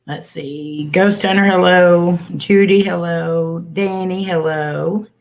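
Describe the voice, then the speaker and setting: A woman's voice: lowish voice, fairly even intonation, slow pace. A woman hosting a casual livestream, chatting and greeting viewers by name over a computer mic. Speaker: livestream host.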